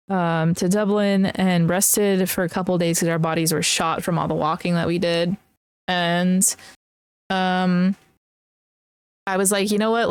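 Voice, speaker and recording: A woman's voice: fairly low pitch, smooth, dry recording. A young woman hosting a podcast, telling travel stories in a rambling, casual way, full of "like" and little laughs. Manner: rambling, filler-heavy, with frequent laughs. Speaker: podcast host. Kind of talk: casual solo travel chat.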